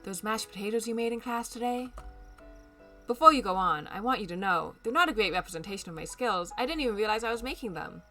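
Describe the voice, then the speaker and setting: A woman reading as a soft-spoken old chef. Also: on the high side, lively intonation, fast, faint music behind. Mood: tender. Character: earnest older man chef, softly sentimental.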